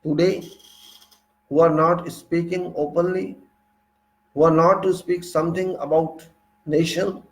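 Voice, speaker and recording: A man's voice: fairly high pitch, flat delivery, measured pace, long pauses, low-quality recording. A man with an Indian English accent giving an indignant political monologue, full of rhetorical questions and repeated phrases. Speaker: political commentator.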